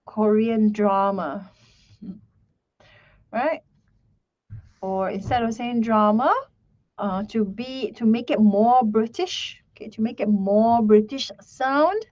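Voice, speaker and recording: A woman teaching English grammar in an online lesson, slowly repeating herself and checking in with "right?" and "okay". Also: medium pitch, darkish tone, highs cut off.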